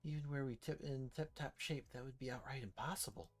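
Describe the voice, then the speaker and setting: A man reading the lines of a regal, commanding young queen in a game story, brisk and composed. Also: medium pitch, faint music behind, natural voice. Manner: brisk, composed, orders others to the point.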